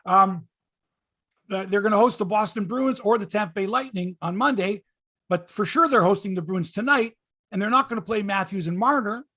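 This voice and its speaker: A middle-aged man hosting a sports podcast in casual chat, excitable and jumping between topics. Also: high voice, moderate pace, no room sound, clean studio sound. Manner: excitable, jumps between topics, chuckles and trails off.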